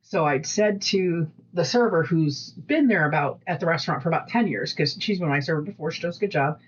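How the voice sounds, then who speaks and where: A woman co-hosting a podcast, chatting casually and rambling through stories with lively quoted voices. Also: low voice, a little fast, dull audio, slight background noise. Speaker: podcast co-host. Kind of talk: casual chat.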